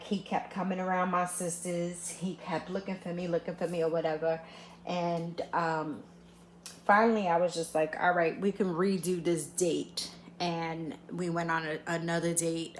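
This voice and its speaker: A woman's voice: fairly low pitch, a little hiss or hum. Woman in an echoey room. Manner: animated, acts out quotes, laughs while telling. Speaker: vlogger. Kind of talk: casual storytelling chat.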